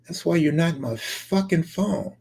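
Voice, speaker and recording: A man's voice: a little high, expressive, moderate pace, gravelly, a little mellow, breathy edge. A man from California, live streaming and casually reading viewer comments aloud, bantering back with joking, profane remarks.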